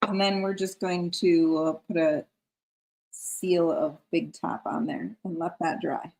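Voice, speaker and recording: A woman's voice: fairly low pitch, fairly even intonation, takes it slowly, a little mellow. Chatty woman hosting a craft livestream. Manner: chatty, reads viewer comments aloud. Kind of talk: casual livestream chat.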